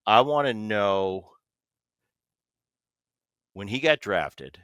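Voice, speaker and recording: A man hosting a casual podcast, telling a story with many halting restarts. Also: lowish voice, lively intonation, a bit bright, smooth, no echo. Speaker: podcast host.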